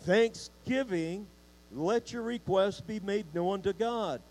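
A male pastor preaches in a church with a mellow, somewhat high voice. He speaks unhurriedly, often repeating words as he restarts, and keeps putting questions to the congregation. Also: measured pace, rough recording. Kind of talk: sermon.

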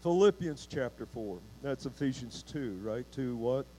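A man's voice: mid-range voice, animated, measured pace, warm tone, slight background noise, rough recording. A man preaching a sermon in church, restarting words and putting questions to the congregation. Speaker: pastor.

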